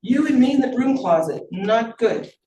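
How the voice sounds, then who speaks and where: Woman doing a warm old immigrant janitor. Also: on the high side, lively intonation, moderate pace, a little hiss or hum, voice pushed up, lightly acted. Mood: friendly. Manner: warm, friendly. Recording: roomy, distant mic.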